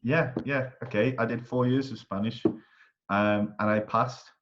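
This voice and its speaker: A young man hosts a casual podcast in a relaxed, self-mocking way. His voice sits at a middle pitch. The recording sounds dull and lo-fi. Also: measured pace. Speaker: podcast host.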